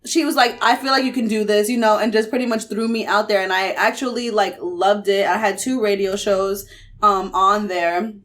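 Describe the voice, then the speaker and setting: A woman's voice: medium pitch, fairly even intonation, moderate pace, fairly bright tone. A woman from Staten Island, a radio personality chatting casually as a guest. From Staten Island, New York. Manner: chatty, hesitant storytelling with fillers. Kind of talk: casual chat.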